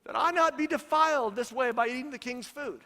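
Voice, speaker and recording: A man's voice: very high-pitched, fairly quick, pushed and bright, in a large hall, pitched above the performer's own voice, heavily acted. A man, a pastor, voicing a hesitant teenage boy who asks a favor during a sermon. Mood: pleading.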